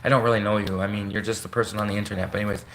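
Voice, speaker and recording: A man's voice: on the low side, flat delivery, rapid-fire, fairly bright tone. A man from Canada rambling on a livestream, correcting himself as he goes. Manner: rambling, self-correcting, addresses a public figure directly.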